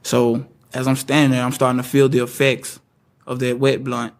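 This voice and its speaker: Halting man recounting events. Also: medium pitch, monotone, creaky. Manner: halting, repeats words as he speaks. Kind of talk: spoken first-person account.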